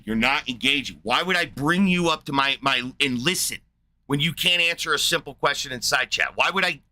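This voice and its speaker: A man's voice: fairly high pitch, pushed and bright, dry recording. A man hosting a livestream, firing angry, profane questions at a chat participant he is frustrated with. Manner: combative, profane, rapid questioning. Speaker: livestream host. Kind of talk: heated livestream rant.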